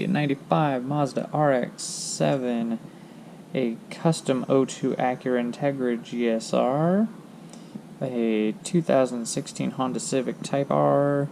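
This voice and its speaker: A man's voice: medium pitch, steady tone, a little slow, gravelly, darkish tone, a little hiss or hum, poor audio. A man hosting a car channel, talking casually to his viewers in a loose, rambling way with lots of ums and restarts. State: hiccups. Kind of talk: casual vlog talk to camera.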